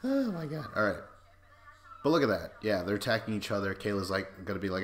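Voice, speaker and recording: Man, low voice, lively swings in pitch, sarcastic, profane, casual commentary. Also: brisk. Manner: sarcastic, profane, frequent laughs. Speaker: podcast host giving audio commentary. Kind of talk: casual commentary over a video.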